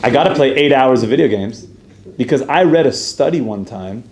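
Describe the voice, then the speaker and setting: A man's voice: medium pitch, lively intonation, normal speed, darkish tone. A man teaching a casual religious class, asking his group questions and talking in a loose, chatty way. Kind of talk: casual Torah class with storytelling. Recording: roomy echo, faint room noise.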